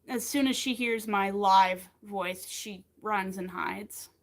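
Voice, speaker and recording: A woman in her thirties crochets on a live stream, chatting upbeat with viewers between stitches. Her mid-range voice takes things slowly in this casual chat.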